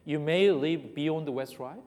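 A man with a Korean accent giving a sermon, talking in a halting way that restarts and repeats words and putting questions to the congregation. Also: fairly high pitch, darkish tone. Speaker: preacher. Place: church hall. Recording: reverberant hall.

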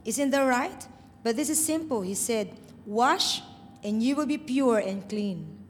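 A woman reading aloud the part of a sensible servant persuading her master, deliberately, in an echoing hall. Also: a little high, lively intonation. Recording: reverberant hall with faint background noise.

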